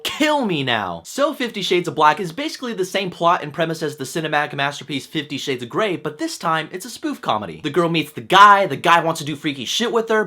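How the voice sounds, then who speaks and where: A man's voice: sits high, bright, forceful tone. A young man giving an exasperated, sarcastic, profanity-laced movie review rant. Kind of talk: ranting film review.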